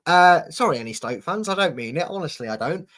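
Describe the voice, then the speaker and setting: Chatty football show host. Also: male voice, on the high side, lively intonation, brisk, a bit bright. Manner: chatty, teasing, reads out viewer predictions. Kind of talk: casual football prediction chat.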